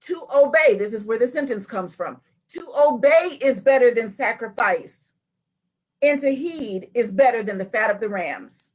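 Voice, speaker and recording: A woman hosting a Bible study, teaching with lively storytelling and acted-out voices. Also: fairly high pitch, a little slow, husky. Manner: acts out scripture figures with lively voices.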